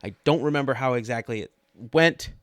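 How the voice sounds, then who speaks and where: A man co-hosting a comedic sports podcast, joking in a deadpan, mock-serious way. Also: mid-range voice, brisk, no echo, studio quality. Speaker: podcast co-host.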